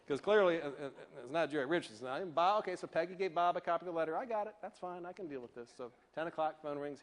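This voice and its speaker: A man from Northern Virginia giving a keynote speech, telling a story with animated delivery and acting out the voices of the people in it. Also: a little high, a little fast, in a large hall, slight background noise. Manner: animated, acts out the voices of people in his stories. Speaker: keynote speaker.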